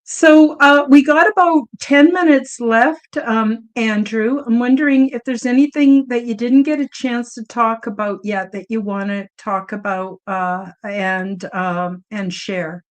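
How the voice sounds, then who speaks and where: Woman host, kinda high voice, affirming and emotional. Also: fairly even intonation, unhurried, hardly any pauses. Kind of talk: casual interview talk.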